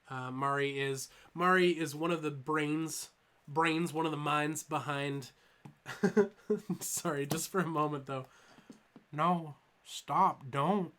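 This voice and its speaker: A man's voice: a little high, a bit bright. Chatty young man hosting a live stream. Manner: loose and joking, many ums, reads chat aloud. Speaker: toy channel host streaming live. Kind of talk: casual live-stream chat.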